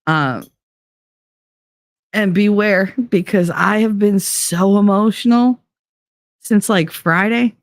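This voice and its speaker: A woman hosting a casual live stream, talking bluntly and swearing freely as she answers her viewers. Her voice sits at an ordinary middle pitch and sounds close and dry, with no room around it. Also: slow, long pauses, no room sound. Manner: blunt and profane, with big swings in pitch.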